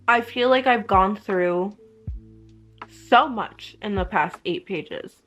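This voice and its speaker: A woman's voice: medium pitch, slow, a bit bright, soft background music. A young woman vlogging about a book, reading passages aloud and reacting with strong emotion between them.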